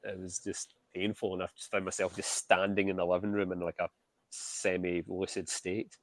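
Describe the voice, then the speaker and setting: A man with a Scottish accent chats as a podcast guest, rambling in a relaxed way and laughing easily. His voice sits on the low side. The recording is dry and close. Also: normal speed, dry recording. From Scotland. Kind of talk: casual chat.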